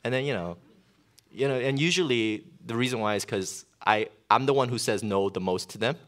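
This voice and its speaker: A man's voice: medium pitch, fairly quick, fairly bright tone. A middle-aged male pastor preaching a sermon in a conversational way, with lots of fillers and storytelling.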